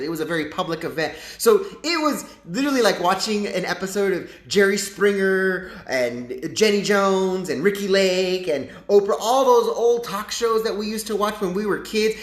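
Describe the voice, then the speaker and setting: A man's voice: high-pitched, reverberant. Chatty man live-streaming from his phone. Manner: chatty, animated, rambling asides. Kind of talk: casual live-stream political commentary. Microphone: phone front-facing camera.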